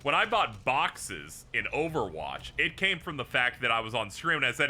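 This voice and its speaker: A man's voice: moderate pace, few pauses. A man streaming a game, chatting casually with viewers, laughing and swearing as he talks. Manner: animated, swings between squeaky highs and low mutters. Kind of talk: casual gaming stream chat.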